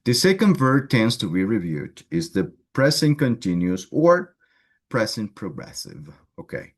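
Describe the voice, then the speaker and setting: A man's voice: lowish voice, very animated, unhurried. A man with a Spanish accent teaching an English grammar class, explaining step by step and often checking in with "right?". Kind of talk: online class lecture.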